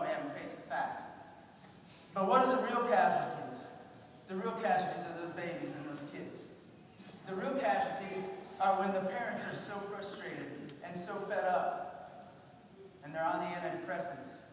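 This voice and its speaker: A man's voice: high-pitched, fairly bright tone, slight background noise. A man giving an impassioned public talk, preaching and firing rhetorical questions at the audience. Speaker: speaker at an event. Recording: echoey hall, distant mic.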